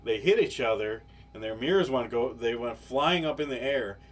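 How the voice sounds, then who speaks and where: A man's voice: mid-range voice, animated, normal speed. A man co-hosting a podcast, telling a long, rambling, profane story in casual chat, full of fillers. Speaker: podcast co-host. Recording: live podcast, faint background noise.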